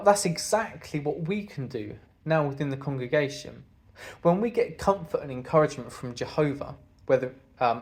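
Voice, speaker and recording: A man's voice: a little high, a little mellow. A man giving an earnest sermon talk to a congregation, speaking conversationally and asking the listeners rhetorical questions.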